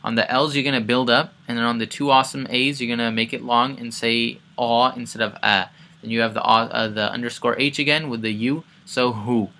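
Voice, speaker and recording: A man teaching Quran recitation in a casual lesson. He explains each sound step by step, repeats words several times and chants the recited verses louder. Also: mid-range voice, steady tone, fairly quick, few pauses.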